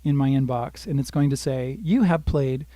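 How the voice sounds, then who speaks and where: Talking at a moderate pace in a mid-range voice, an older guitar teacher streams a live lesson, working through chords and strum patterns and chatting with viewers by name. He sings lines softly as his guitar plays beneath his voice, and the recording is dry.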